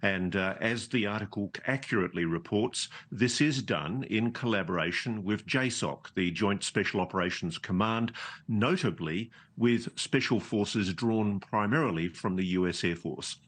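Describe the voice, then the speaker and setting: A low-voiced man answers with measured confidence, laying out his points in order. He sounds calm and sure of himself as a news guest. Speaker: journalist guest. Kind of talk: news interview.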